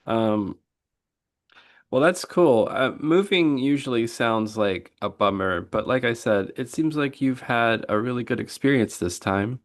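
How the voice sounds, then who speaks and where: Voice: mid-range voice, expressive, unhurried. A podcast co-host in casual chat, reacting with short, easygoing remarks.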